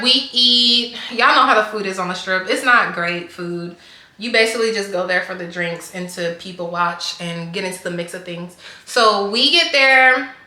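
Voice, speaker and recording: A woman's voice: fairly high pitch, sharp tone. A young woman telling a casual storytime, chatty and full of "like" and restarts. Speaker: vlogger. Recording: echoey room.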